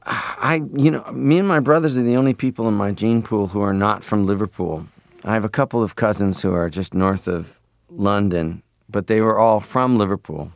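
A man's voice: fairly low pitch, moderate pace, no echo. A man from Canada, a film guest, telling reflective stories in an interview and slipping into impressions. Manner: reflective, animated, slips into impressions. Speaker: guest, filmmaker.

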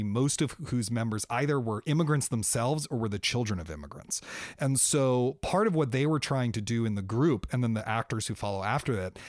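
A man talking enthusiastically about acting history as a guest, with quick restarts and brief mimicked voices. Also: mid-range voice, no room sound, studio quality. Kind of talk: animated conversational explanation.

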